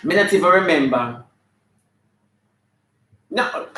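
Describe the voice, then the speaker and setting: A man's voice: high-pitched, lively intonation, slow, a bit bright, echoey room, slight background noise, low-quality recording. A man with a Jamaican accent doing live comedy, sassy and scolding in a flamboyant way, breaking into snatches of song. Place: live show venue.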